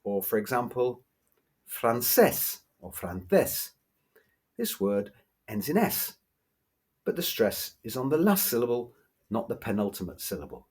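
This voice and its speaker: A man teaching a grammar lesson, patiently explaining rules and slowly repeating example words. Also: medium pitch, very animated, a little mellow, breathy edge.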